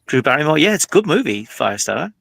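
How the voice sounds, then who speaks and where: A man's voice: on the high side, very animated, fast, vocal fry, fairly bright tone, no room sound. A middle-aged man from Canada on a movie podcast panel, eagerly reeling off film facts and cast names. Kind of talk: casual panel chat about movies.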